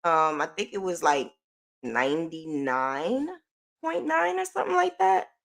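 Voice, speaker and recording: A middle-aged woman hosting a podcast, telling a personal story in a chatty, animated way with sighs and self-corrections. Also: deep voice, unhurried, vocal fry. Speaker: podcast host.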